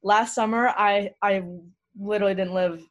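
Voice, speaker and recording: A woman's voice: medium pitch, fairly even intonation, moderate pace, highs cut off. A young woman co-hosts a talk show. She is bubbly and chatty and laughs easily. Her voice sits in a natural mid range. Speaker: co-host.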